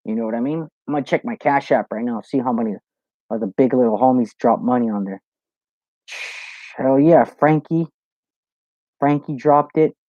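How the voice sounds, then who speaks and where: A man's voice: medium pitch, moderate pace, pauses often, dark tone, dry recording. A man hosting a live Q&A, chatting loosely and profanely, telling stories and reading viewer comments. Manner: loose, profane, storytelling with lots of "you know". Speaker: host of a live Q&A show. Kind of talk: casual livestream chat, reading viewer comments. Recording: dull lo-fi, dry sound.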